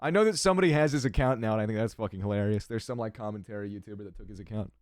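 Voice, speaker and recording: A man's voice: on the low side, racing, no echo, studio quality. A man casually reading chat on his livestream, sardonic and crass, swearing freely.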